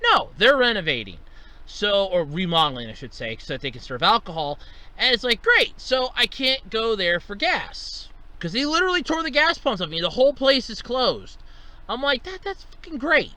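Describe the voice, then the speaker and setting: This podcast host's voice is high, pushed and bright, very animated, at a moderate pace. Alone on the mic, he tells an everyday story as a casual rant, swearing in exasperation and leaping upward in pitch when quoting himself.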